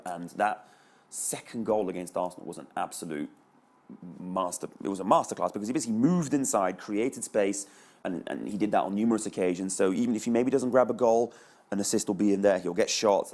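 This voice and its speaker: A man's voice: deep voice, brisk, darkish tone. A man, a panelist chatting analytically on a sports show. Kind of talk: panel discussion.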